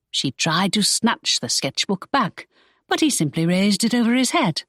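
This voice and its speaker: A woman narrating a romance audiobook in an expressive storytelling manner. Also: lowish voice, unhurried, no room sound, clean studio sound.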